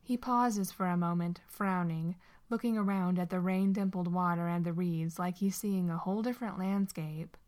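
A woman narrating a story aloud in an expressive, steady way. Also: on the low side, normal speed, hardly any pauses.

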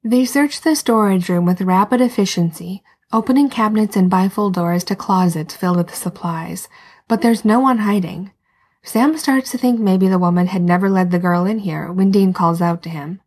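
A woman reading a story aloud as narrator, soft and unhurried, sometimes dropping to a whisper. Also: mid-range voice. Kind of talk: scripted narration.

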